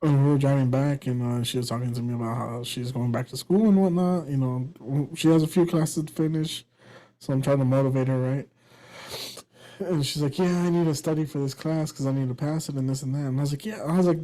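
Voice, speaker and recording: A man hosting a podcast, telling crude, animated stories in casual chat, swearing freely. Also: mid-range voice, brisk, poor audio. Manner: crude, animated storytelling with frequent laughs and swearing. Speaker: podcast host.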